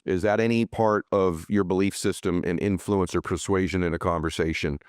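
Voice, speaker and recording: A man's voice: sits low, steady tone, a little fast, no echo, clean studio sound. A man hosting an interview, asking questions and sharing stories in a casual, informal way. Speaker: host.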